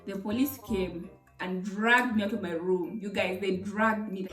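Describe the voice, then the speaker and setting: A young woman from Zambia with a Zambian English accent, telling a story in an animated, exclamatory way for her vlog. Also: medium pitch, unhurried. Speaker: YouTuber. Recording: roomy, distant mic, faint music.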